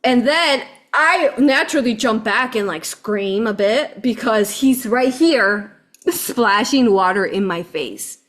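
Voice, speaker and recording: A woman vlogger telling a travel story in an excited, chatty way, often laughing and calling her viewers "you all". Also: a little high, takes it slowly. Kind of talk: animated storytelling vlog.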